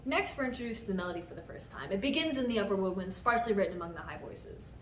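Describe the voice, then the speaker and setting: A woman's voice: medium pitch, animated, rapid-fire, fairly bright tone, a little hiss or hum. A young woman composer explaining the theory behind her own piece in a patient, methodical way, sometimes counting beats aloud. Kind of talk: explanatory music-theory talk. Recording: roomy sound from a distant mic, music underneath.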